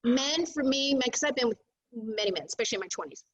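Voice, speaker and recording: A middle-aged woman telling a story in a casual vlog, frank, profane and animated. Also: on the high side, fast talker, slightly rough, low-quality recording. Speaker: vlogger.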